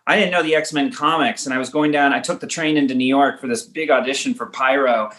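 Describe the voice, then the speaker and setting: A man's voice: medium pitch, a little fast, fairly bright tone. A man from Los Angeles talks through his answers in a conversational interview. He often stops and restarts while he thinks aloud. He tells his stories with a self-deprecating touch. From Los Angeles, United States. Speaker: writer-director guest.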